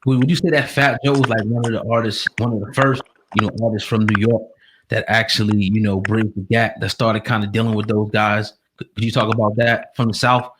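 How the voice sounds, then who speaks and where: A man's voice: on the low side, flat delivery, a little fast, background noise. A man hosting a podcast, asking rambling, hesitant questions. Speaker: podcast host. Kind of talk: casual interview questions.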